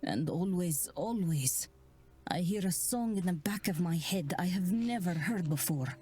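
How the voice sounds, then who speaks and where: A haunted woman under a vase's spell, her voice set low and her words drawn out slowly. She speaks with hushed, solemn gravity, as a game character would. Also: expressive, breathy edge. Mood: grave. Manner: slow, grave, hushed delivery. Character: solemn woman obsessed by a cursed vase.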